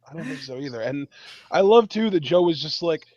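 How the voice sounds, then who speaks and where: A man co-hosting a podcast, chatty and analytical, often restarting his sentences. His voice is a little high. It comes through a dull, dry lo-fi mic. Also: animated, fairly quick, a little mellow, no echo. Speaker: podcast co-host. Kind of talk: casual podcast chat.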